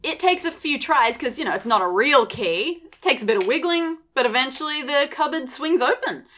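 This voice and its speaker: A woman's voice: sits high, lively intonation, moderate pace, a bit bright. A woman narrating a tabletop game as the game master, describing scenes with light humor.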